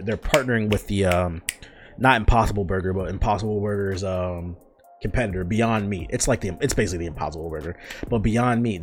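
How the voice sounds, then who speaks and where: Young guy ranting on his podcast, lowish voice, swears a lot, faint music under it. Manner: profane, rambling, exasperated. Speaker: podcast host. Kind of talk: casual solo podcast rant.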